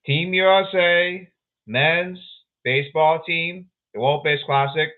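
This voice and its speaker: A man hosting his own podcast, talking through sports clips in a rambling, excitable way and repeating himself. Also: fairly high pitch, slow. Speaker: podcast host. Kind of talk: casual solo podcast commentary. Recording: tinny phone-like sound.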